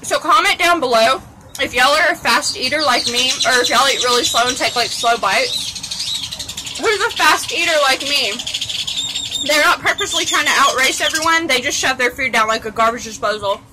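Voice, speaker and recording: A woman's voice: high-pitched, brisk. A woman from Texas with a Texan accent, chatting frankly as she films a mukbang vlog on her phone. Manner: chatty and frank, with mild cursing. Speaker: mukbang vlogger. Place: outdoors at a cafe table, windy. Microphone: phone camera. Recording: noisy outdoor phone recording.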